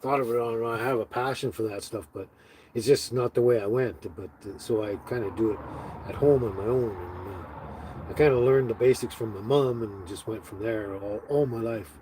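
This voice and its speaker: A man's voice: mid-range voice, moderate pace, background noise. A man hosting a casual live stream from his tiny house. He rambles, stops and restarts often, and uses many fillers. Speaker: livestream host.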